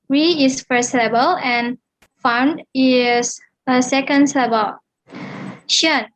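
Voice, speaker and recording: A young woman from Indonesia, a student reading out a phonetics lesson in English with halting, careful delivery and restarts. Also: high-pitched, low-quality recording. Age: young adult. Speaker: student presenter.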